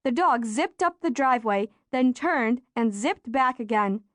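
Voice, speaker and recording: A woman narrating a children's audiobook in a lively storytelling manner. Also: on the high side, a little slow, no room sound, studio quality. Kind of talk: scripted narration. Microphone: studio microphone.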